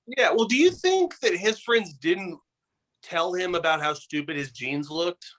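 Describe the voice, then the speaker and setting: A slightly higher-pitched man with a bright, forward voice, talking as a guest in a loose chat. He jokes dryly and piles up comic exaggerations. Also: lively intonation, measured pace, poor audio. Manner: dry, joking exaggeration. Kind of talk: casual chat.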